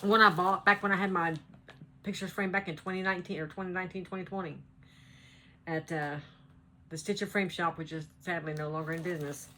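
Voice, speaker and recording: A woman's voice: lowish voice, steady tone, a little fast, sharp tone, a little hiss or hum. A woman with a Southern American accent, chatting casually at home as a cross-stitch vlogger, rambling and laughing often. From North Carolina. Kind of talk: casual chat.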